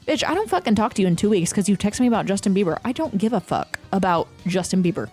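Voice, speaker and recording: A streamer in her thirties rants through an animated, profane story in casual chat, swearing often. She talks very fast at a medium pitch with few pauses, over soft background music.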